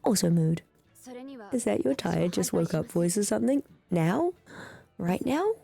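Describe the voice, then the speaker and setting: A young woman chatting quietly and giggly with viewers on a home stream, close to the mic, with a throaty, slightly hoarse tone. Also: fairly low pitch, lively intonation, a little slow, no room sound, faint music behind. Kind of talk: casual chat with viewers.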